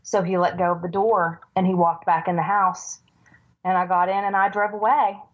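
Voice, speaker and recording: A woman in her forties, a podcast guest, earnestly recounting a personal story with halting restarts. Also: on the low side, flat delivery. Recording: dull lo-fi recording.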